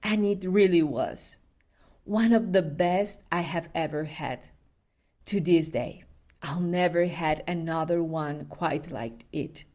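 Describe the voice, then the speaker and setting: A woman hosting a food podcast, telling stories in a chatty, unhurried way, sometimes laughing and correcting herself. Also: low voice, darkish tone. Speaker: podcast host. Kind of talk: casual food podcast with storytelling.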